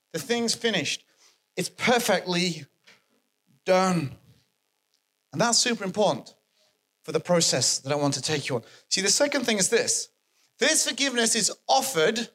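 A man preaching a sermon, animated and emphatic, repeating his key phrases for effect. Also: high-pitched.

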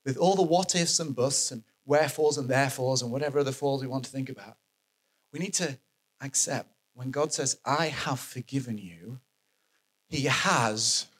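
A man preaching a sermon, animated and emphatic, repeating his key phrases for effect. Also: mid-range voice.

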